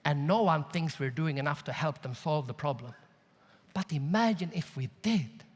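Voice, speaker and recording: A man's voice: fairly high pitch, normal speed. A man giving a conference keynote, telling a story with jokes and speaking straight to the audience. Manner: animated, jokey, addresses audience directly. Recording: large hall reverb.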